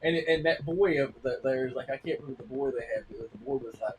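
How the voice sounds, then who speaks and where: A man's voice: medium pitch, fast talker, hardly any pauses, darkish tone, a little hiss or hum, rough recording. A man streaming a game and chatting to his partner and his viewers, rambling in a casual, drawling way and laughing between stories. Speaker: gaming streamer. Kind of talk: casual chat while gaming.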